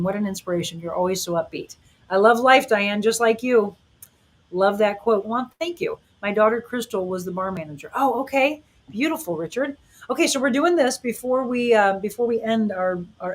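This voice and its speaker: This is a middle-aged woman from St. hosting her own live-stream podcast, with a voice of ordinary middle pitch for a woman. She chats casually and rambles as she reads viewer comments aloud, gushing with enthusiasm. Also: fairly quick, breathy edge.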